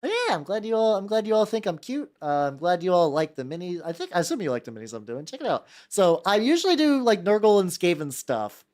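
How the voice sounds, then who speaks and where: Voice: medium pitch, big pitch swings, quick pace, hardly any pauses, darkish tone. A miniature-painting streamer chatting casually and rambling, swearing freely and repeating greetings to viewers while working at a home hobby desk.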